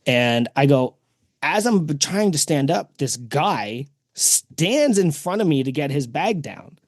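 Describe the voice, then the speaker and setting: A male podcast host with a fairly high voice spins a long story in relaxed conversation, taking his time and acting out the people in it. He's an animated storyteller, and the recording has no room sound.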